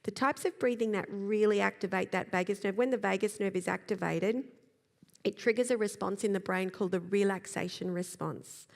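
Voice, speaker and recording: A woman giving a live talk about children's behaviour, explaining in a lively way and acting out little examples. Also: mid-range voice, brisk, gravelly. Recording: long hall reverb.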